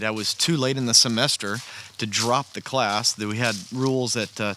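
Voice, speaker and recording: Bright-voiced male storyteller, earnest and conversational, recorded outside by a fire. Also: medium pitch, a little hiss or hum. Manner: earnest, conversational, with frequent restarts. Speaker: storyteller sharing a personal testimony. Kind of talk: casual spoken storytelling. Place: outdoors beside a campfire.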